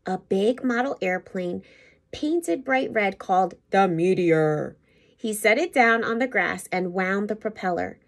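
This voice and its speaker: Principal, woman, storybook read-aloud for kids; expressive, teacherly. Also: medium pitch. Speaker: school principal. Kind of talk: reading a picture book aloud to children.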